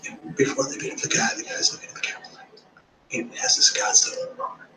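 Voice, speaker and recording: A man's voice: fast talker, rough recording. A man co-hosting a podcast, retelling a scene at great length, often dropping into a half-whisper. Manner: long-winded storyteller, often half-whispering. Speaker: podcast co-host. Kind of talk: casual chat, retelling a scene.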